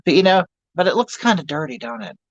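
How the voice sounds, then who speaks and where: A man's voice: high voice, sing-song, quick pace, dry recording. Man, 50s, campy livestream host with crude humor; dry, dull lo-fi audio. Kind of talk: casual livestream chat reading viewer comments.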